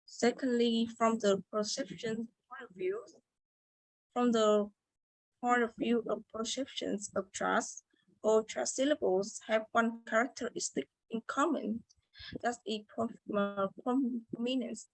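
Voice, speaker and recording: A woman's voice: on the high side, fairly even intonation, measured pace, no echo, rough recording. A young woman giving a class presentation, reading carefully with hesitations and restarts. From Vietnam. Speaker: student presenter. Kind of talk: class presentation on word stress.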